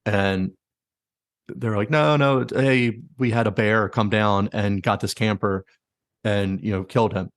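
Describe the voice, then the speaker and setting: A man's voice: lowish voice, flat delivery, unhurried, no echo, studio quality. A man hosting a podcast, casually retelling stories with many likes and quoted asides. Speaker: podcast host. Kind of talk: casual storytelling.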